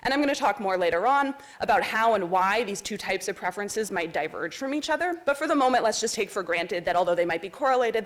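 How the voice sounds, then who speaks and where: A woman presenting research at an academic conference, explaining step by step in a clear, methodical way with many examples. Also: mid-range voice. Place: lecture hall.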